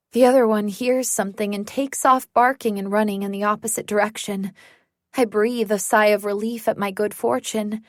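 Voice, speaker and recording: A woman reading a first-person thriller audiobook in a slow, tense, dramatic manner. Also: mid-range voice, fairly even intonation, no room sound, clean studio sound. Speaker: audiobook narrator.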